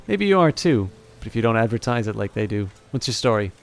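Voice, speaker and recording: A man's voice: lowish voice, very animated, fast talker, vocal fry, faint music behind. A man voicing a blunt, wry woman mercenary. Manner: blunt, folksy, scornful.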